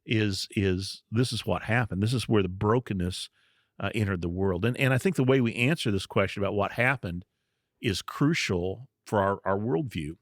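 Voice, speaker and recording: A man's voice: on the low side, moderate pace, dry recording, studio quality. A man co-hosting a podcast, teaching on the Bible in casual chat, explaining step by step and laughing easily. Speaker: podcast co-host.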